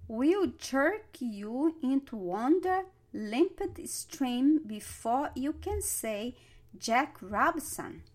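A woman voicing an elderly, pompous male python who speaks slowly and formally. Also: high-pitched, lively intonation, full character voice. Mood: pompous urging. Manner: slow, grandly formal.

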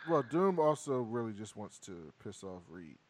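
A man's voice: on the low side, sing-song, normal speed, darkish tone, no echo. A young man hosting a casual podcast chat, blunt and argumentative. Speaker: podcast host.

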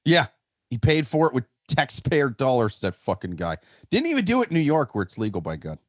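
A man's voice: medium pitch, wildly swooping pitch, a little fast, no room sound, clean studio sound. A man co-hosting a comedy podcast, riffing absurd crude scenarios with stammered restarts. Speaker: podcast co-host. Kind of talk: casual comedic banter.

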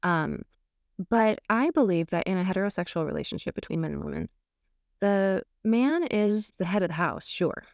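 A woman's voice: mid-range voice, animated, moderate pace, creaky, dry recording. Woman, relationship coach, frank and outspoken, laughs easily, dry close sound. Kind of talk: candid podcast conversation.

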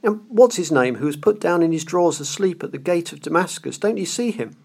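A man voicing an old male miser who exclaims in a high, breathless way, thrilled by childhood memories. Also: expressive, fairly quick, creaky, darkish tone, slightly rough, exaggerated voice. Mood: ecstatic.

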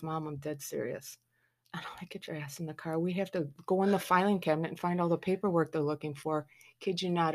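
Low-voiced storytelling Midwestern mother. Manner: animated, acts out quoted lines, sarcastic asides. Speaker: mother telling a family story. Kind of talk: casual storytelling.

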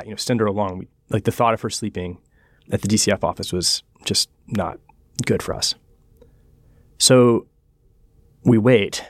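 A man, a pastor and podcast guest, telling a personal story in an earnest, reflective way and slowing down on key words. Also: lowish voice, dry recording, clean studio sound.

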